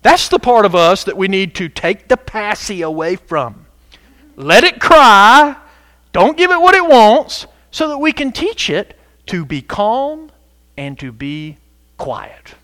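Lively, high-voiced preaching man. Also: slow, no echo. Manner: animated and conversational, bursts into shouts for emphasis. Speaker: pastor. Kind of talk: sermon.

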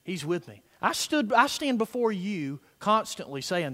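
A middle-aged man preaching a sermon, swinging between soft, murmured prayer lines and loud, emphatic declarations. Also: high voice, very animated, unhurried. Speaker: pastor. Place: church sanctuary. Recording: long hall reverb.

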